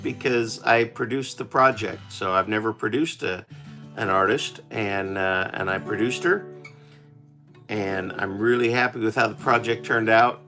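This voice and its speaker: A man's voice: fairly low pitch, sharp tone. A man, a singer-songwriter, hosting his own live stream and chatting casually with viewers, teasing them playfully while reading out their comments.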